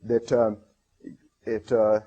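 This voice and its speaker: A man gives a lecture presentation, reading passages aloud with lots of fillers and restarts, clearly enthusiastic about his material. His voice sits on the low side, mellow with a breathy edge, and his delivery is completely flat. The recording sounds muffled.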